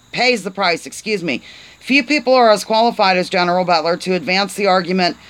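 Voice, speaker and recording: A woman's voice: mid-range voice, a little hiss or hum, low-quality recording. A woman hosting a casual live stream, chatty and playful, often stumbling over words and asking her viewers to help. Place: on a porch, outdoors.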